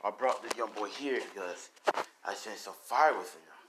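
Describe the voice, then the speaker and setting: A man voicing a calm, self-assured male mentor who speaks in a low, measured way. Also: background noise, close to an everyday voice.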